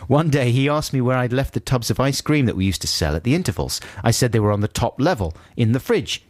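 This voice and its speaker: A man's voice: mid-range voice, no echo. A man co-hosting a radio show, reading listener emails aloud with playful banter. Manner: playful, breaks into laughter, mimics quoted people. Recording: dry radio studio.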